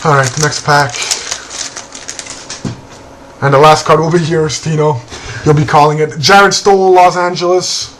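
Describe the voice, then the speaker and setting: Man calling out hockey cards, unhurried. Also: a little high, steady tone, a bit bright, a little hiss or hum, low-quality recording. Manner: calls out player names and teams, laughs often. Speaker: card break host. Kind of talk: casual card-opening commentary.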